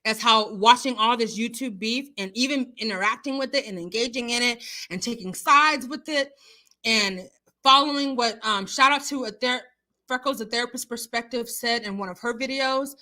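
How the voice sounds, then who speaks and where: A young adult woman hosting a casual livestream, chatting and answering viewers with emphatic, animated remarks. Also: a little high. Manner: chatty, emphatic, laughs often. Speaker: livestream host.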